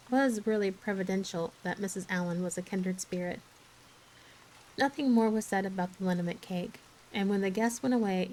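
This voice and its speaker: Brief: woman reader, steady expressive storybook narration, mid pitch. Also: low-quality recording. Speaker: streamer reading aloud. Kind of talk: storybook read-aloud.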